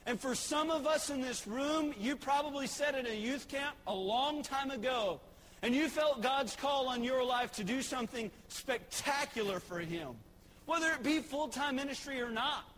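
A man's voice: very high voice, normal speed, fairly bright tone, a little hiss or hum. A man, a pastor preaching a sermon in a church sanctuary, emphatic and repeating key phrases.

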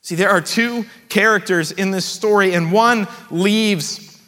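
A male pastor preaching a sermon with animated storytelling. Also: high voice, a little slow, in a large hall.

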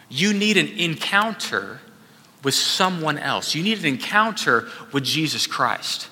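A man's voice: on the high side, expressive, moderate pace, sharp tone. A pastor delivering a conversational sermon, acting out quotes as he goes. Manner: conversational preaching with acted quotes. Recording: echoey hall.

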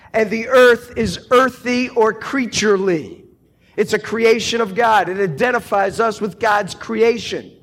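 A man preaching a sermon, slow and deliberate, lifting his voice on quoted cries. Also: sits high.

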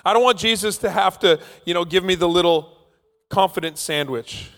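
A man's voice: high voice, moderate pace, a bit bright. A man preaching a sermon, telling stories playfully and acting out the scenes. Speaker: pastor. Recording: long reverb of a large hall.

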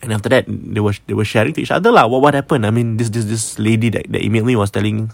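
A man's voice: on the low side, racing, vocal fry, dry recording. A man with a Malaysian English accent, telling a ghost story casually, chatty and sprinkling in Malay words. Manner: chatty, mixes Malay words, frequent restarts.

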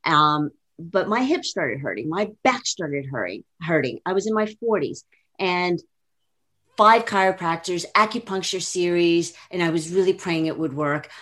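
A woman's voice: lowish voice, normal speed. Frank woman in her fifties. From Los Angeles. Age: 50s. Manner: lively, frank, laughs easily. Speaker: guest fitness trainer. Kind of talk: casual podcast interview.

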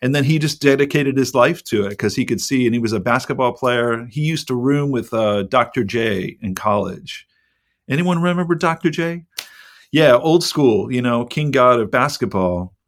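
A man's voice: medium pitch, animated, normal speed. A middle-aged man in casual podcast chat, rambling and candid, with lots of "like" and the odd swear word. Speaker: podcast co-host.

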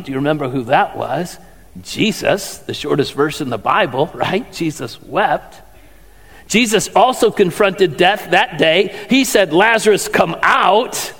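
A man preaches a sermon in a chatty, questioning way, his voice pitched high for a man. The sound carries a long hall reverb. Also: fairly bright tone. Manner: conversational preaching with rhetorical questions. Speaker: pastor.

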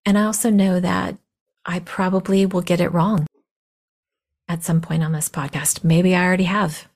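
A woman's voice: on the low side, steady tone, normal speed, darkish tone. A woman in her fifties hosting a podcast, telling a personal story in a blunt, candid way, her voice scratchy from a cold. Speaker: podcast host.

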